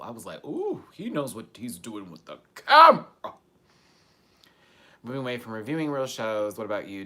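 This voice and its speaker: A man hosting a casual live-stream Q&A, talking candidly and swearing freely, with loud animated bursts that drop to soft, quiet asides. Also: on the low side. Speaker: YouTube host answering viewer questions.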